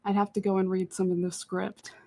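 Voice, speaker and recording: A woman from Texas, a voice actor and podcast guest, chatting casually about her work, talking in quick bursts and laughing often. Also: mid-range voice, flat delivery, warm tone.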